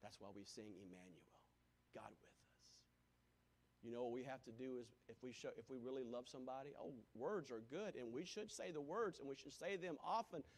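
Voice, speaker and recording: A man preaching a sermon, folksy and repetitive, rising to loud calls and dropping to near-whispers. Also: medium pitch, fast, few pauses. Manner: folksy, repeats lines for emphasis. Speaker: pastor.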